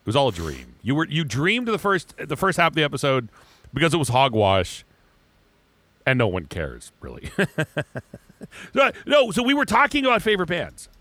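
A man's voice: fairly high pitch, huge pitch swings, normal speed, long pauses, pushed and bright, no echo. A man co-hosting a podcast, rambling through casual chat with crude jokes and constant restarts. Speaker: podcast co-host.

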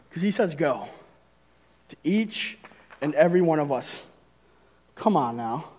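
A man's voice: fairly high pitch, animated, slow, darkish tone, breathy edge, long reverb tail. A man preaching a sermon as pastor, emphatic and punctuated with "right?" and short laughs. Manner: emphatic, frequent "right?" tag questions, laughs between points. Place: church hall.

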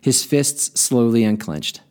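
A podcast host reading a story aloud in an expressive storytelling manner. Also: male voice, medium pitch, slow pace.

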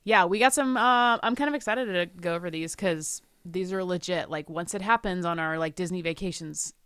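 A young adult woman co-hosting a podcast in casual chat, chatty, with quick asides. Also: on the low side, fairly bright tone, clear, resonant tone, no room sound. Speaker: podcast co-host.

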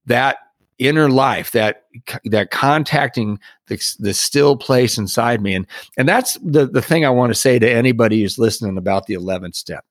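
A middle-aged man shares a personal story in an earnest, reflective way, breaking into soft laughs now and then. His voice sits at a middle pitch. It is recorded dry and close, with no room sound. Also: no echo. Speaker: podcast guest in recovery.

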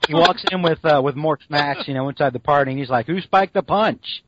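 A man's voice: on the high side, fast talker, dull audio, very noisy. A man co-hosting a comic-book podcast, telling the story in a rambling, joking way with lots of fillers. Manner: rambling, jokey, full of fillers. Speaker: podcast co-host.

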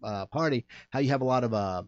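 Fast-talking male interviewer. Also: medium pitch, no echo, lo-fi sound. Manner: rambling, restarts sentences, talks fast. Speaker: interview host. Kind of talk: interview chat.

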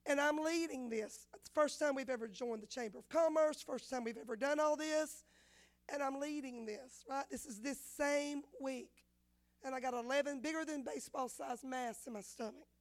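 A woman, a women's pastor telling a personal testimony in a sermon, animated and acting out the dialogue. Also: high voice, moderate pace. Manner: animated storyteller, acts out dialogue.

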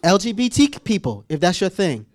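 A man preaching a humorous storytelling sermon as pastor, acting out scenes with sudden high squeals and laughter. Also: moderate pace, no echo. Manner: animated, acts out voices with sudden high-pitched squeals and laughs.

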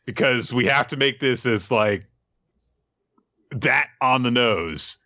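A man's voice: medium pitch, slow, dry recording, muffled recording. A man co-hosting a podcast, casually recapping a manga chapter with lots of fillers and asides. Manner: animated, rambling, lots of fillers. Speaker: podcast co-host.

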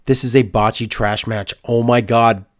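A man's voice: medium pitch, fairly even intonation, moderate pace. A man co-hosting a wrestling podcast, recapping the show in a sarcastic, exasperated way. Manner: sarcastic, exasperated, mocks the booking with put-on quotes. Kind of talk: casual podcast chat.

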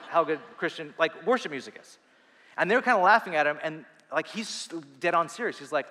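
A man preaching a sermon as pastor, earnest and animated, with quick asides and restarts. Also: a little high, big-room sound.

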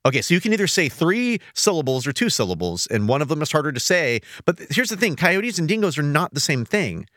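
A man's voice: on the high side, big pitch swings, fast talker, hardly any pauses, fairly bright tone, no room sound, clean studio sound. A man hosting a podcast, chatting casually and rambling through asides. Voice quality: rambling, self-interrupting. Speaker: podcast host. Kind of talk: casual chat.

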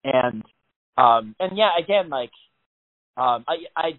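A man's voice: mid-range voice, animated, slow. A man telling a story in casual, rambling chat on a podcast, with lots of swearing. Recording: tinny phone-like sound.

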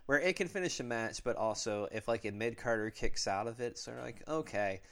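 A man's voice: mid-range voice, fairly quick. A man co-hosting a podcast, in casual chat, explaining things at length in an analytical way. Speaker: podcast co-host.

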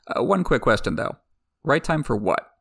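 Casting: easygoing warrior guy, read by a man, gravelly and jokey. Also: medium pitch, very animated, moderate pace, a bit bright, no echo, clean studio sound, full character voice. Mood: breezy. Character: laid-back male horse warrior, jokey and casual.

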